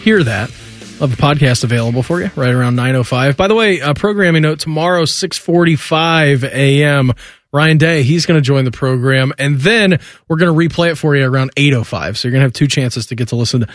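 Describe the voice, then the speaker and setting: A man hosting a morning sports radio show, reading promos and segues at a brisk pace. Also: mid-range voice, no echo, clean studio sound, faint music behind. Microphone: studio microphone.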